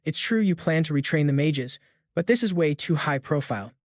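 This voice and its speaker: A man's voice: a little high, expressive, fairly quick, dry recording, studio quality, lightly acted. A man reading the lines of a weary, reluctant young male sorcerer who complains about attention.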